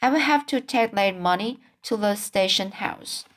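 A woman's voice: mid-range voice, moderate pace, fairly bright tone, lightly acted. A woman voicing a bossy, officious male policeman in a storybook reading. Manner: officious, insistent.

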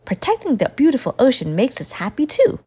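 A woman's voice: sits high, wildly swooping pitch, fairly quick, dark tone, breathy edge, pitched above the performer's own voice, exaggerated voice. Woman voicing a polite, earnest young character. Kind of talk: storybook character voice.

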